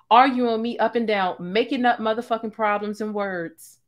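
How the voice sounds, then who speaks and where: A young adult woman hosting a live-stream, ranting in a sassy, profane, animated way with asides to her chat. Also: a little high, normal speed, hardly any pauses. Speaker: host.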